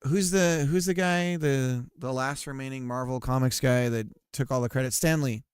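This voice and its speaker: Dude streaming his gamedev, rambly and sweary, normal pitch, dry close desk mic. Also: fairly even intonation, moderate pace, clean tone, dry recording. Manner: rambling and self-deprecating, swears often, many fillers. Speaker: game developer streamer. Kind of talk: casual live-stream chat while working.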